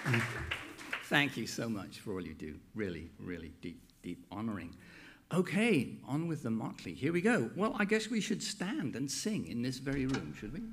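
A man's voice: mid-range voice, normal speed, a loud crowd. An older man with an American accent, a minister hosting a Sunday service in a chatty, playful way. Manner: lively, playful, loud call-outs. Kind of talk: warm, chatty service host.

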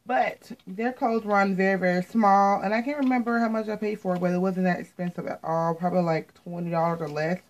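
A woman's voice: medium pitch, steady tone, brisk, few pauses, rough recording. An American woman chatting casually to viewers as she shows off her latest clothing haul, repeating words and often saying "you guys.". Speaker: fashion vlogger.

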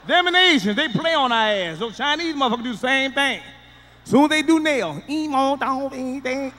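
A middle-aged man tells a stand-up routine in a high, sharp voice, loud, profane and emphatic. His voice rings through a reverberant hall, with faint noise underneath. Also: big pitch swings, fairly quick. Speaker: stand-up comedian.

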